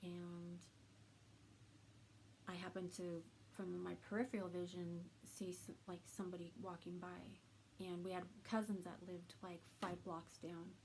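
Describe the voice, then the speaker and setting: A woman talks slowly and haltingly to her camera, pausing often as she tells a personal story. Her low voice is gravelly and stays flat in pitch, with faint noise behind her. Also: low-quality recording. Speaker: vlogger.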